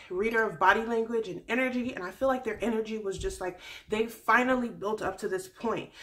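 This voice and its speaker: A woman's voice: mid-range voice, fairly bright tone. A woman hosting a casual recap video, talking through a reality show in a chatty, blunt way with slangy, swearing asides. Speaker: YouTube recap host.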